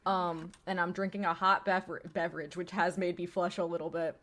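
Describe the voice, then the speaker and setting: A young woman streams a video game from home on a streaming mic with a webcam, rambling through self-deprecating commentary packed with swearing and laughter. Her voice sits on the low side, level and fairly bright, and she talks fairly quickly.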